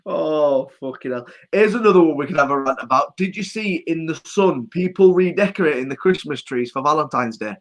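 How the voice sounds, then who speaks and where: A man's voice: on the high side, expressive, fairly quick, few pauses. A man co-hosting a podcast, bringing up news topics in casual chat and laughing a lot. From England. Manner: giggly, keeps laughing at his own topics. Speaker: podcast co-host.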